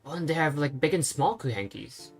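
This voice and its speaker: A game streamer talking through a playthrough in an easygoing, thinking-aloud way, often stopping on fillers mid-sentence. The pitch sits at an ordinary middle level. Game music plays faintly underneath. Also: animated, fairly quick. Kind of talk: casual let's-play commentary.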